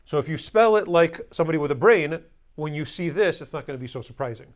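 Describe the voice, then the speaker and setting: A man's voice: on the high side, lively intonation, quick pace. A male language teacher giving a classroom lesson, blunt and teasing, leading the class in drills.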